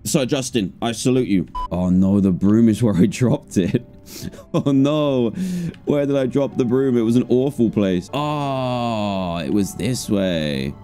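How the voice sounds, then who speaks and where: A man's voice: medium pitch, a little slow, dark tone, faint music behind. A man giving jokey, jumpy commentary while playing a horror game live. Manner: jokey, jumpy, talks to himself. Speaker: gaming streamer.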